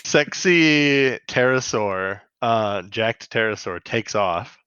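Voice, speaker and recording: A man's voice: on the low side, expressive, slow pace, sharp tone, clean tone, dry recording. A man co-hosting a podcast, joking and laughing through a casual episode recap. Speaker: podcast co-host. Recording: dull lo-fi mic.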